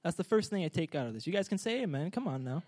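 A man preaching a sermon, energetic and joking, urging the congregation to answer back. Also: a little high, rapid-fire.

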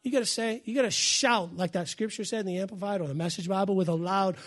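A man preaching a sermon as pastor, fiery and emphatic, shouting and repeating his phrases in a church. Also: high-pitched, quick pace.

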